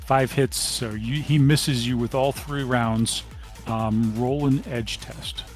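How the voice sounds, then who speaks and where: A man running a tabletop role-playing game as game master, describing the action in a steady, measured way with frequent ums. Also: mid-range voice, over loud music.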